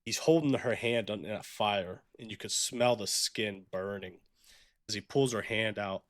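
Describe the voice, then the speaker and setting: A man's voice: on the low side, unhurried, a bit bright, no room sound, clean studio sound. Young man narrating as game master. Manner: casual, profane, vivid narration.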